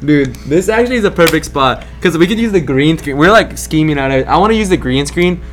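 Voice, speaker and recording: A man's voice: a little high, animated, quick pace, soft background music. A young man co-hosting a podcast, chatting casually in slangy, playful banter. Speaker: podcast co-host. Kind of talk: casual chat.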